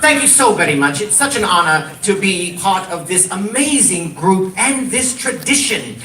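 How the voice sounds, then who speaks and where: A man's voice: sits high, sing-song, normal speed, sharp tone. A man giving an exuberant, playful acceptance speech as a horror host being honored. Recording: echoey hall, distant mic, faint noise.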